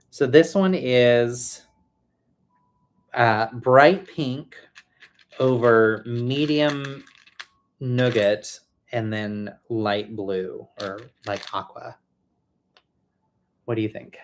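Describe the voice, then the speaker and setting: A man hosting a casual livestream from home, chatting and thinking out loud as he builds and answers viewers. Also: mid-range voice, drawn-out words, long pauses, a little hiss or hum. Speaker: livestream host building toy sets. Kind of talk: casual live chat while building.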